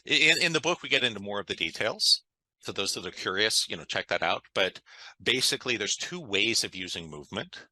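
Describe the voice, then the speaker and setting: A man's voice: fairly low pitch, expressive, fairly quick, bright, forceful tone, no room sound, poor audio. A man, a guest on an interview, talking in an enthusiastic, conversational way and often checking in with "right?". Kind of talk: interview storytelling.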